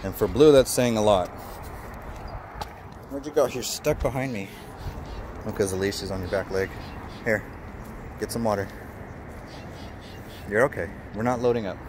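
Low-voiced man coaching his dog outdoors. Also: normal speed, pauses often, background noise. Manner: coaxing, praising the dog often, explaining as he goes. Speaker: dog trainer. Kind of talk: casual narration while training a dog outdoors. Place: outdoors at a park.

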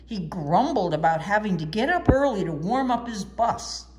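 A woman reading a children's storybook aloud in an expressive, sing-song way. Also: medium pitch, normal speed, slight background noise. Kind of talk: children's book read-aloud.

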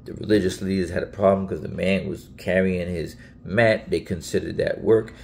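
A man's voice: low-pitched, steady tone, moderate pace, gravelly, a little hiss or hum. A man preaching in a casual Bible teaching video, earnest and emphatic, often repeating himself and restarting phrases.

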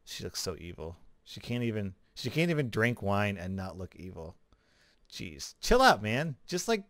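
A man giving casual, chatty commentary as a gaming video creator, relaxed, with small laughs. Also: lowish voice, normal speed, dry recording. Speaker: gaming YouTuber. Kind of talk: casual commentary over gameplay.

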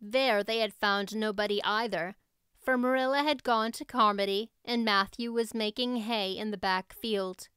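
Woman narrating a classic novel, crisp. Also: medium pitch, fairly even intonation, normal speed, fairly bright tone, no room sound, studio quality. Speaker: audiobook narrator.

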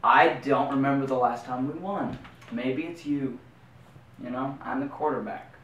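A man voicing a dim, bragging teenage quarterback who talks brashly and keeps saying "freaking", for an animated web series. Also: medium pitch, moderate pace, distant mic, dull audio, lightly acted. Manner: brash, peppers every line with "freaking". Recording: roomy echo, mic set back, faint hiss.

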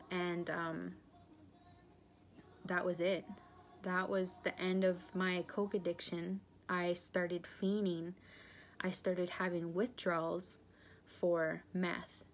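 A woman's voice: on the low side, slight background noise. A young woman giving a candid, blunt personal testimony, swearing freely and often going back over what she remembers. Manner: repetitive recollection, keeps saying "I remember". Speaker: speaker sharing her life story.

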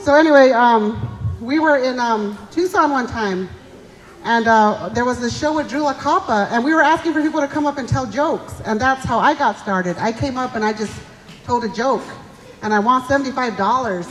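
A middle-aged woman comic, her voice on the high side and her speed normal, entertains a community fundraiser crowd with self-mocking, chatty anecdotes, impersonating the characters as she goes. The hall's live reverb is audible.

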